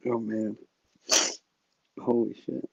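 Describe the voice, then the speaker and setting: A man's voice: fairly low pitch, flat delivery, creaky, no room sound, narrow, tinny audio. A man as a podcast guest, chatting loosely, laughing often and swearing freely. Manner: loose and laughing, swears a lot, halting restarts. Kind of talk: casual chat.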